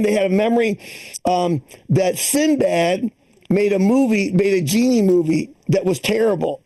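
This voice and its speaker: A man's voice: sits high, gravelly, a little mellow. A man in his sixties from the Boston area doing a profane, rambling stand-up comedy set, acting out the people in his stories. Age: 60s. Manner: profane, rambling, acts out quoted voices. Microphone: streamed online comedy show.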